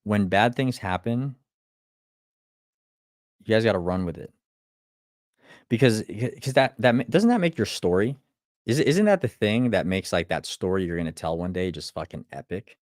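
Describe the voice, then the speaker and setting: A man's voice: on the low side, big pitch swings, moderate pace, pauses often, darkish tone, dry recording, clean studio sound. A man giving a live motivational talk, blunt and full of swearing, firing off rhetorical questions and stumbling over restarts when he gets fired up. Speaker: motivational speaker.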